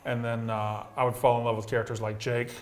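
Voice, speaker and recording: A man's voice: mid-range voice, little pitch movement, a little fast. A man in his thirties hosting a podcast interview, asking questions like an eager fan. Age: 30s. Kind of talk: casual interview chat.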